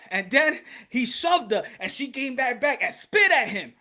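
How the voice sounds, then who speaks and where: Male podcast host, bright and lively, casual and profane, laughs a lot. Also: extremely high pitch, unhurried. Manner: animated, profane, laughing often. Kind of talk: casual storytelling.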